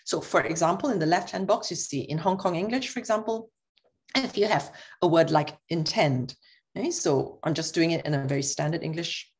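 A woman lecturing in a slightly low voice. She explains things patiently and step by step, often checking in with a quick "okay". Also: darkish tone. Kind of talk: academic lecture.

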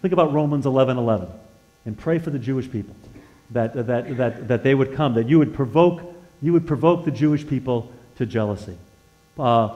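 A man preaching a sermon as a guest speaker in a church. He tells stories, swings between loud emphasis and hushed, earnest tones, and often repeats words and restarts phrases. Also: fairly high pitch, animated, normal speed, rough recording. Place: church sanctuary.

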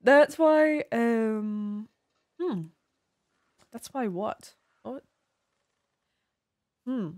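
A woman's voice: fairly high pitch, very slow, long pauses, darkish tone, no room sound, clean studio sound. A woman livestreaming a game, chatting casually with viewers, joking, swearing a lot and laughing often in a playfully dramatic way. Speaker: game streamer. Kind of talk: casual livestream chat while gaming.

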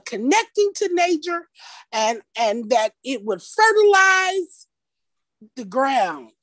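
A woman telling a personal story at a story slam over a video call, in a slow, expressive, folksy way. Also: high voice, no room sound.

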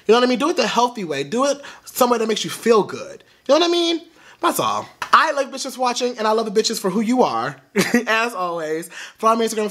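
A young man hosting a casual reaction vlog, sassy and expressive, swearing freely. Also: high voice, a little hiss or hum. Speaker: YouTube reaction host.

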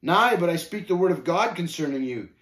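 A man's voice: a little high, lively intonation, brisk, a bit bright, pitched above the performer's own voice. Brief: man doing an undaunted, devout pilgrim, firm and declaiming, in a roomy space. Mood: bold. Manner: bold, firm, scripture-quoting declamation. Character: bold, devout male pilgrim Faithful, undaunted.

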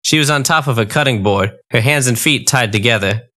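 A man narrating a comic fairy-tale audiobook in the first person, in a breezy, deadpan reading style. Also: mid-range voice, fairly quick.

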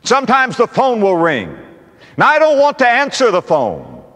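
An older male pastor preaching a sermon, emphatic, calling listeners "friend" and dropping from loud to hushed. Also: very high-pitched, wildly swooping pitch, normal speed. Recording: echoey hall reverb.

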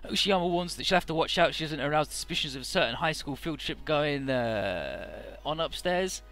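Bright-voiced casual game recap narrator. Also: male voice, on the high side, expressive, normal speed. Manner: rambling, irreverent, many fillers. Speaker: let's play narrator.

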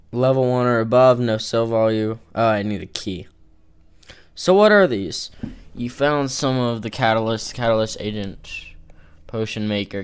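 A man's voice: fairly low pitch, smooth. A man giving casual let's-play commentary, teasing and joking with the game's characters as he plays. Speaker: gamer playing an online role-playing game.

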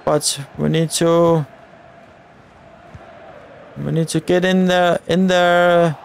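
Over slight background noise and a faint crowd, a man with a voice on the high side commentates his football game slowly, with little pitch movement and some vocal fry. This gaming channel host cheers his players on and speaks straight to his audience.

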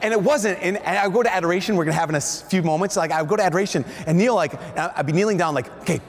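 A Catholic priest, a man, giving a lively storytelling sermon, animated and self-deprecating, often laughing, in a large church. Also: sits high, very fast. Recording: long echoing church reverb.

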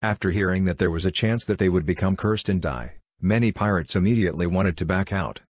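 A man narrating an audiobook in a steady, even storytelling manner. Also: deep voice, brisk, no room sound. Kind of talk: scripted narration.

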